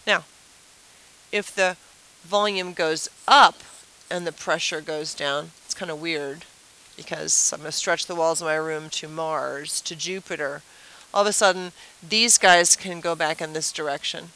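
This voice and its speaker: A woman teacher runs a casual review lesson at the whiteboard, her voice bright and clear. She keeps throwing questions at the class and explains with playful everyday comparisons. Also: deep voice, steady tone, a little slow, poor audio. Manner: chatty, asks the class rhetorical questions.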